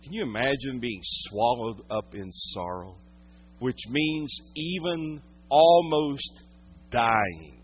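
A man preaching a sermon, teaching from the Bible, swinging from loud emphatic lines to hushed quiet ones. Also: medium pitch, lively intonation, slow, breathy edge, dull audio. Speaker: pastor.

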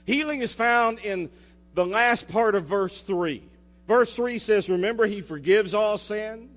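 A pastor preaching a sermon, swinging between loud declarations and hushed asides and putting questions to the congregation. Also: male voice, high voice, measured pace. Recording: reverberant hall with mains hum.

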